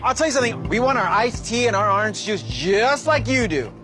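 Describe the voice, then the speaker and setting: A man's voice: high-pitched, expressive, fairly quick, over music. A man in a comedy sketch, talking in an easygoing, rambling, soothing way. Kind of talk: improvised-sounding comedy sketch dialogue.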